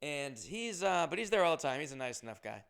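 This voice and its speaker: A young male comedian hosting his podcast. He rambles through a story, often breaking off mid-sentence, and swears freely. His voice is bright, smooth and a little high. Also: big pitch swings, fast talker. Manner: rambling, profane, self-interrupting.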